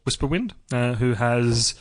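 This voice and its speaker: A man with an Australian accent co-hosting a podcast in casual chat, trading deadpan absurd jokes. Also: medium pitch, measured pace, dry recording, studio quality. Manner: joking, deadpan absurd asides. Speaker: podcast co-host.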